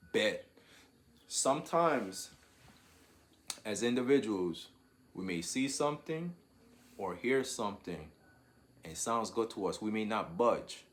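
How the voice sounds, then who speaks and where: A man giving a monologue of opinion commentary, drawn out and repeating words as he searches for his point. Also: mid-range voice.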